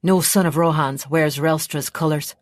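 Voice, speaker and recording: A woman's voice: sits low, steady tone, normal speed, no room sound, clean studio sound, natural voice. A woman voicing an angry, commanding nobleman who snaps out his words.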